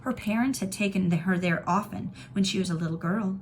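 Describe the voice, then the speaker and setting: A woman teacher reading a novel aloud to students in clear, steady storytelling. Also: mid-range voice, brisk, slight background noise.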